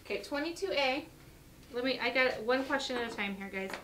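Woman, live sale host, chatty, upbeat, slightly hoarse, higher pitch, distant mic, faint noise. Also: animated, fairly quick, fairly bright tone. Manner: chatty, upbeat, reads lot numbers and prices. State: losing her voice. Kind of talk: live jewelry sale chat.

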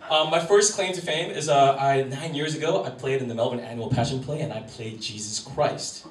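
A man's voice: medium pitch, normal speed. A man, doing a rambling, self-deprecating stand-up set in a comedy club. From Wisconsin, USA. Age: 30s. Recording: roomy live venue, distant mic, crowd ambience. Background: room noise and audience.

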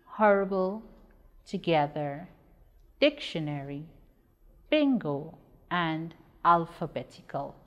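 Slow, lively teacher woman. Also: on the low side. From Guyana. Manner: slow, deliberate, spells words letter by letter and drills syllables. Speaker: primary school teacher. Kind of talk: educational broadcast lesson for children. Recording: long reverb.

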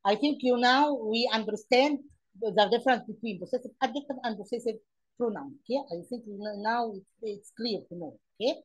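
A woman teacher walks young pupils through an English grammar exercise. Her voice is slightly husky and sits a bit high. She talks it through step by step, with many fillers and questions to the class. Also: fairly quick, highs cut off. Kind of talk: recorded online lesson.

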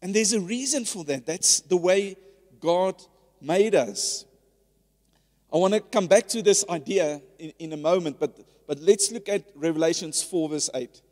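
A man's voice: high voice, measured pace, a little mellow. An earnest man preaching a sermon to his church, his slightly raised voice carrying a long hall reverb. He talks conversationally, repeating and restarting phrases as he builds his point. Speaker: pastor.

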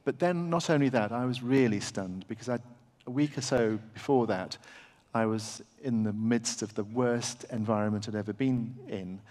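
A middle-aged English surgeon telling a halting, self-deprecating story on a festival stage, full of fillers and restarts. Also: male voice, mid-range voice, darkish tone. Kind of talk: live anecdote at a festival talk. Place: large festival venue with audience. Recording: long hall reverb from a big venue.

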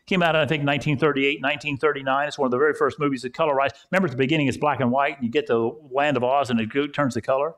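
A man's voice: medium pitch, fairly even intonation, very fast, hardly any pauses, fairly bright tone. A male pastor preaching a conversational sermon at a church service, telling stories and repeating phrases for emphasis.

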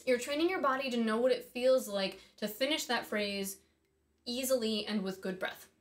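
This voice and harp teacher has a higher-pitched voice and talks at normal speed. Her singing instruction is casual and chatty, full of thinking aloud and little asides.

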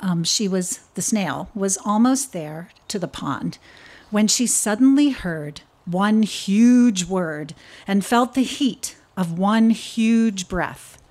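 A woman speaks at a memorial service in a church and reads a children's story aloud. She talks slowly, with a nervous, halting edge. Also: medium pitch, a little mellow.

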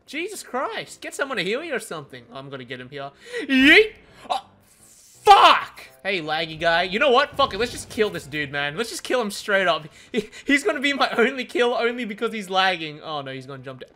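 Young male streamer, rowdy gameplay commentary, animated pitch, bright tone. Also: quick pace, few pauses, faint music behind. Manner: excitable, swearing, laughing often. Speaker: gaming streamer.

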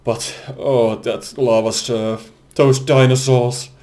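A man doing let's play commentary, excitable, exclaiming and swearing at the game. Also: mid-range voice, slow pace. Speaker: gamer. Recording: game music behind voice.

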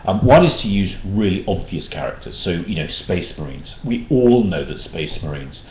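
A man's voice: deep voice, expressive, normal speed. A man answering backer questions in a casual chat, hesitant, with many restarts. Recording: roomy dull-sounding room recording.

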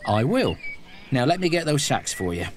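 A man's voice: mid-range voice, very animated, normal speed, slight background noise, natural voice. A man playing a plain-spoken shepherd. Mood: friendly. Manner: plain-spoken, easygoing haggler. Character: down-to-earth male shepherd, shrewd but friendly. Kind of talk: video game voice acting.

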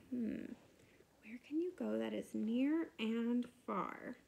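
A woman kindergarten teacher giving a video lesson to young children, talking clearly and encouragingly. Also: on the high side, slow pace.

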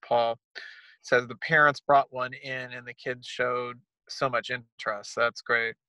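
Man, webinar moderator, reads chat aloud, monotone, bright tense voice. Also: medium pitch, measured pace, clear, resonant tone, no echo, rough recording. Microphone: video call microphone.

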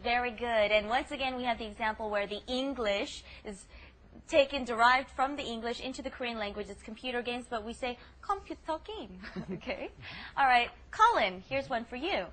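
A woman's voice: fairly high pitch, normal speed, a bit bright, slight background noise. A woman co-hosting a casual language lesson podcast, chatty and laughing as she explains patiently. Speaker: language teacher co-host.

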